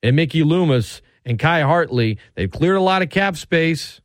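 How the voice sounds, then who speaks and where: Ranting on sports radio, a man sounds heated, sarcastic, and emphatic, his fairly high voice darting around with lively intonation as he presses his case at a normal speed. It's a close, dry studio recording with no echo.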